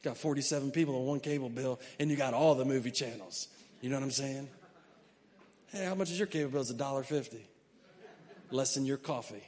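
A man preaching a sermon as pastor. He moves from quiet, conversational asides to loud, emphatic preaching and reads scripture aloud. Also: medium pitch, fairly quick, big-room sound.

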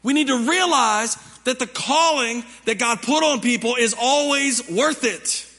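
High, bright-voiced male pastor preaching. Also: measured pace, in a large hall. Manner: conversational preaching with rhetorical questions. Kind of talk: sermon. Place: church sanctuary.

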